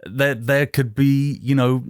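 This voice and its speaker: A man chatting casually as a podcast guest, relaxed and self-deprecating, often repeating words as he goes. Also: mid-range voice, slow pace, clear, resonant tone, dry recording, clean studio sound. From United Kingdom. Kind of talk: casual chat.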